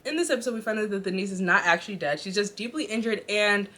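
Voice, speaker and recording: A young adult woman recapping a TV drama in a casual, animated way, full of slang and asides. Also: medium pitch, fast talker.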